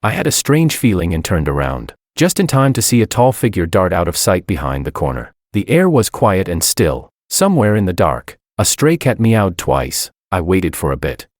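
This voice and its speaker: Deep-voiced man narrating a dramatic story. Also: big pitch swings, moderate pace, hardly any pauses, no room sound, studio quality. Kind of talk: first-person audiobook narration.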